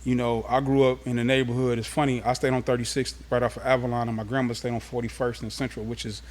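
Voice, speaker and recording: A man from Los Angeles sits as an interview guest and tells stories of his youth in a relaxed, streetwise way. His voice sits at an ordinary middle pitch. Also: quick pace, a little hiss or hum. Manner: animated, streetwise storytelling. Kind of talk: casual storytelling interview.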